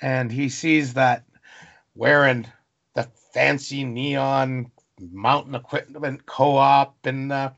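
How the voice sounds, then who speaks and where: A man from Canada tells wilderness stories as a podcast guest, animated and fond of long run-on lists. His mid-range voice carries a gravelly fry, and the recording is dull and lo-fi. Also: mid-range voice, takes it slowly. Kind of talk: storytelling interview.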